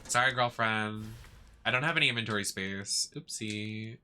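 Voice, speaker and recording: A man's voice: fairly low pitch, moderate pace, sharp tone, smooth. A man who streams games and performs in drag, giving chatty, campy commentary that rambles with lots of fillers. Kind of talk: casual gameplay commentary.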